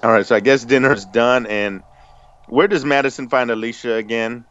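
A man's voice: medium pitch, moderate pace, fairly bright tone, lo-fi sound. A man hosting a casual chat, leading the talk and laughing often. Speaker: podcast host.

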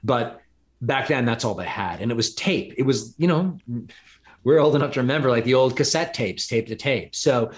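On a podcast microphone, a middle-aged man who writes true crime reporting tells a crime story as an interview guest. His mid-range voice has lively intonation and a moderate pace, with lots of restarts and fillers along the way.

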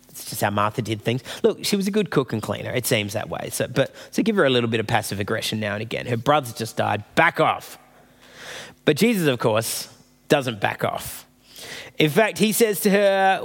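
A man's voice: medium pitch, lively intonation, moderate pace, a bit bright. A man giving a sermon in a conversational, storytelling way, acting out the people he quotes. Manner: conversational storytelling preaching, voices quoted figures. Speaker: preacher. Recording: long reverb of a hall.

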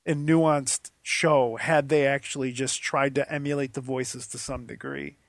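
A man co-hosting a casual podcast, animated and jokey in his talk. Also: medium pitch, measured pace, vocal fry, no room sound, clean studio sound. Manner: animated, jokey, drops to a near-whisper to imitate soft talk. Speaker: podcast co-host.

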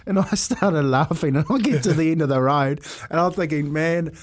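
In a radio studio, this New Zealand-accented man co-hosts a breakfast show, swapping stories in easygoing conversation. His voice sits on the high side and moves at a moderate pace, and he laughs through his tales with real animation.

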